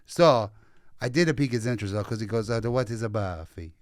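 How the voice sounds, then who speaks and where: A man's voice: fairly low pitch, no echo, voice pushed down, lightly acted. Guy doing a sad italian dude, broken english, lotta uhs, dry close sound. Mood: mournful. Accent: mock Italian. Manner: halting, full of uh fillers, dropped articles. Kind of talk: comedic improvised storytelling.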